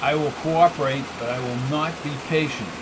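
A man's voice: fairly high pitch, moderate pace, background noise, lightly acted. A man voicing an anxious young woman held captive, who presses her questions in a strained, insistent tone.

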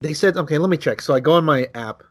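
A man's voice: fast talker, breathy edge. A man co-hosting a podcast, telling a casual story, acting out quotes with big jumps in his voice and swearing freely. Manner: animated, acts out quotes with big pitch jumps. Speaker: podcast co-host.

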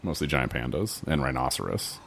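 Deep-voiced joking man. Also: animated, a little fast, gravelly, fairly bright tone. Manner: joking, swears freely. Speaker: podcast co-host. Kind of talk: casual banter.

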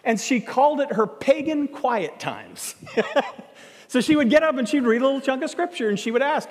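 Man preaching in a church, high pitch, animated storyteller, long hall echo. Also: moderate pace, slightly rough. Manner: animated, acts out quoted dialogue, conversational asides. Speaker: pastor. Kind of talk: sermon storytelling.

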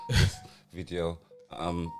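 A man's voice: deep voice, flat delivery, slow pace, soft background music. A man, co-hosting a podcast, teasing and swearing in casual chat. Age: 40s. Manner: teasing, swears, laughs often. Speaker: podcast co-host and comedian.

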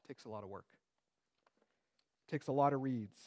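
A man's voice: mid-range voice, brisk, a little mellow. A man teaching through a Bible passage in a conversational way, with joking asides.

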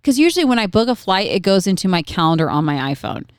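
A woman's voice: mid-range voice, fast, clear, resonant tone, no room sound, studio quality. A woman in her thirties, a podcast co-host telling stories in casual chat and acting out her kids' voices. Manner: animated storyteller, acts out her kids' voices.

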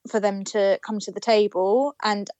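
A woman chats as a supporters' trust representative on a podcast. She sounds earnest but giggles easily, and she fills pauses with plenty of ums. Her voice sits at an ordinary pitch and is recorded close and dry. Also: fairly even intonation, a little mellow, no echo, dull audio. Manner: earnest, giggly, many fillers. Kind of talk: casual podcast chat.

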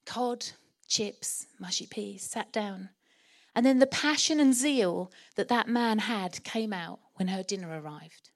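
A woman's voice: mid-range voice, unhurried. A middle-aged woman with an Essex accent, preaching a sermon in church in a chatty storytelling way and laughing often.

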